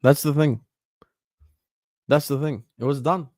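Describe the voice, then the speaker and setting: A man's voice: fairly high pitch, measured pace, a little mellow, no room sound, clean studio sound. Young man in casual slangy stream chat. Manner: rambling, slangy, drops Arabic phrases. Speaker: livestream host.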